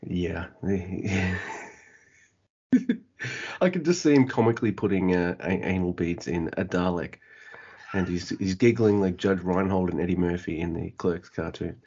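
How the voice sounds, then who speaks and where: A man's voice: deep voice, a little slow, a little mellow, breathy edge, highs cut off. A man hosting a casual podcast, joking and laid-back as he runs through plugs and news. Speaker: podcast host.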